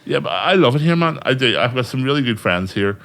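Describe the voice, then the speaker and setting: Blunt, fast-talking Northern Irish man. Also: mid-range voice, expressive, vocal fry, fairly bright tone. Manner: blunt and candid, swears freely, laughs easily. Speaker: guest, DJ and actor. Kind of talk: casual interview chat.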